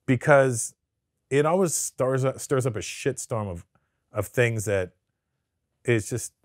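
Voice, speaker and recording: Profane, animated storytelling man. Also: mid-range voice, slow, no echo, clean studio sound. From Canada. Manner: profane, animated storyteller who acts out quotes. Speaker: guest comedian. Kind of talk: casual interview storytelling. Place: studio sit-down interview.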